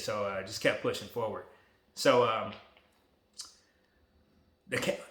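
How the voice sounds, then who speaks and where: A man in his forties talking casually to a phone camera, relaxed, emotional and motivational. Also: lowish voice, slow, pauses often, reverberant. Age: 40s. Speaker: vlogger.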